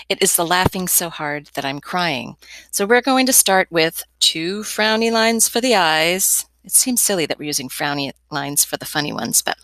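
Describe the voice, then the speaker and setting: A woman's voice: fairly low pitch, a bit bright, no echo. A young woman teaching a step-by-step drawing lesson as an art teacher, chatty and encouraging with playful asides.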